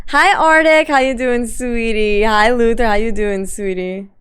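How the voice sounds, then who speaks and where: This is a young woman streaming live with a high, smooth and clear voice. She chats loosely with her viewers and greets each newcomer fondly as sweetie. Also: a little slow, a bit bright.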